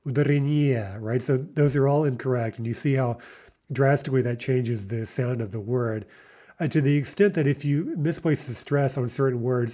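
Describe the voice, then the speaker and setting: A man teaching a vocabulary lesson, saying each word slowly and repeating it, with patient explanations. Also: mid-range voice, dark tone. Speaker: language teacher.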